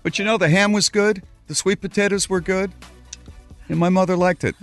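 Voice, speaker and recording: A man's voice: sits high, normal speed, faint music behind. A middle-aged man hosting a talk show, telling a story and acting out the quotes. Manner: animated storyteller, acts out quotes. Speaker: radio show host.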